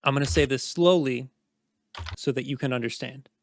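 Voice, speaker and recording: A man's voice: mid-range voice, normal speed, a little hiss or hum, natural voice. A man voicing a stern, intimidating knight commander who talks down to a subordinate in a cold, threatening way. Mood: stern, menacing.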